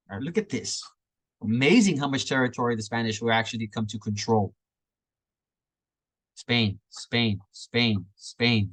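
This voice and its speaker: A man's voice: mid-range voice, fairly bright tone. A man teaching a history lesson in a loose, conversational way, often checking in with "right?". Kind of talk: casual classroom lecture over slides.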